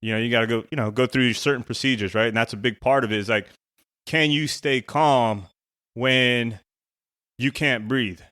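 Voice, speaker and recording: A man's voice: mid-range voice, normal speed, a bit bright, no echo, clean studio sound. A middle-aged man, a former soldier turned coach, telling a personal story in casual podcast talk, full of "you know" and "right". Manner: conversational, many fillers like "you know" and "right". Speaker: former Navy SEAL and coach.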